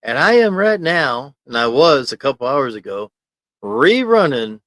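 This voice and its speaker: Man, livestream host, slow unhurried talk, mid pitch, rambling, dry home office sound. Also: sing-song, fairly bright tone, dry recording. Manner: rambling, chuckling, reads chat aloud. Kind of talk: casual livestream chat reading viewer comments. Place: small home office studio. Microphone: desk mic in home office.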